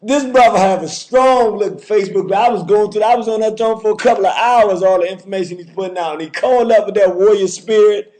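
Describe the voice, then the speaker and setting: A man's voice: high-pitched, a little fast, hardly any pauses, a little mellow. A man hosting a call-in show, talking fervently with a repetitive, preacher-like cadence. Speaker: radio call-in host.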